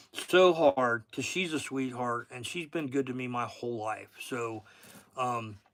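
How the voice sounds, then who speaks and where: A man's voice: mid-range voice, pushed and bright, dry recording. Chatty Southern man hosting a livestream. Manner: chatty, rambling, thanks viewers by name. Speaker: livestream host, fishing guide. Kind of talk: casual livestream chat.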